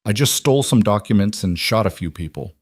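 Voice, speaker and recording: A man's voice: lowish voice, lively intonation, brisk, husky, no echo, clean studio sound. A man playing Elias, a weary but devoted former lawman and husband in a western storybook, speaking steadily and solemnly. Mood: steady.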